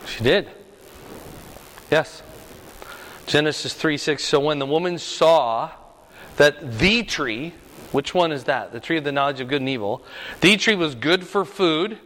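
A man leading a Bible study lesson in a relaxed, conversational way, often asking "right?" as he talks through the questions. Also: fairly high pitch, in a large hall, rough recording. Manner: conversational, frequent rhetorical "right?".

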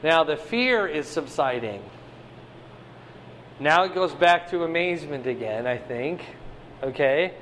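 A man giving a conversational sermon, teaching a Bible passage with animated swings between loud emphasis and quiet asides. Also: a little high, measured pace, pauses often, slight background noise.

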